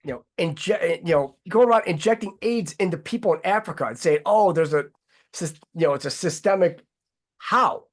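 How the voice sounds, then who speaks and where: A man's voice: fairly high pitch, moderate pace. A man hosting a casual talk show, talking in long, heated, rambling runs and swearing freely. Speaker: host.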